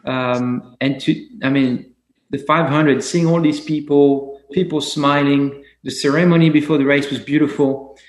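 A man's voice: on the high side, steady tone. Enthusiastic man in an echoey room. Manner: enthusiastic, halting restarts. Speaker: racing driver guest. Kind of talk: casual interview chat.

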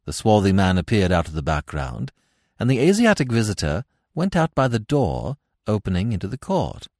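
A man giving scripted narration of a classic tale in a measured, expressive way. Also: on the low side, no echo, studio quality. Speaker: audiobook narrator.

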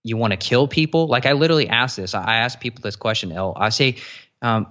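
A man in a casual interview explains things eagerly, piling up asides and restarting his sentences. His voice sits at an ordinary pitch. The audio is dull and a bit lo-fi. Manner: animated explainer, quick asides, many restarts. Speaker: guest nutritionist.

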